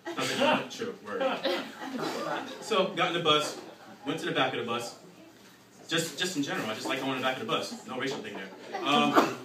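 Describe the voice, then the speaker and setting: A young man doing a live stand-up routine, telling animated stories and shouting his punchlines. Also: fairly high pitch. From New York. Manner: animated storytelling with shouted punchlines and frequent "you know what I'm saying". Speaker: stand-up comedian. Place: small live venue. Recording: roomy, distant, noisy live recording.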